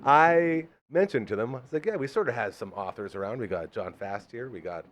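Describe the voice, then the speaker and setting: A man's voice: mid-range voice, lively intonation, a little hiss or hum. A man hosting a local live talk podcast in a studio, upbeat and hyping up his guests. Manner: upbeat, fast, hypes up guests. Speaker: podcast host. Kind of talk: casual chat. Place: radio studio.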